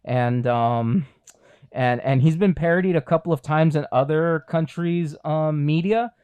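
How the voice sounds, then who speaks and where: Man, slightly higher voice, rambling casual podcast chat, lots of fillers. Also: unhurried, a little mellow, clear, resonant tone. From United States. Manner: rambling, many fillers and restarts. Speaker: podcast co-host.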